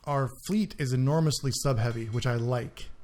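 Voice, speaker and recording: A man's voice: medium pitch, normal speed, darkish tone. A man hosting a gaming channel, giving casual let's-play commentary on a strategy game, thinking aloud and often trailing off mid-sentence.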